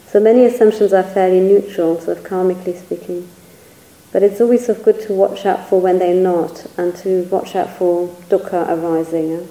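Woman teacher doing a buddhist dharma talk, dark mellow voice, kinda flat, echoey room. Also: fairly low pitch, moderate pace. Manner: reflective, searching, hedges with "sort of".

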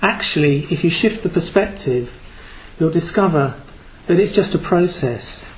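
A man's voice: on the high side, animated, unhurried, poor audio. A man from Britain giving a Buddhist talk to a group, reflective and hesitant, with many fillers. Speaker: Buddhist teacher.

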